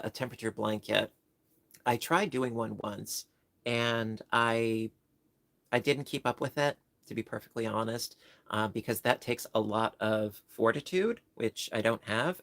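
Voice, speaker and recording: A man's voice: mid-range voice, vocal fry, no room sound. A man hosting a home livestream, chatting casually and reading viewers' comments, rambling and apologizing with many ums and restarts. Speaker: livestream host.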